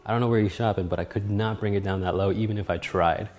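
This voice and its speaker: A man hosting a casual cooking vlog in a home kitchen, talking in a joking, self-mocking way with sudden loud outbursts. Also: on the low side, fairly even intonation, fast, loud music behind the voice. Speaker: cooking video host.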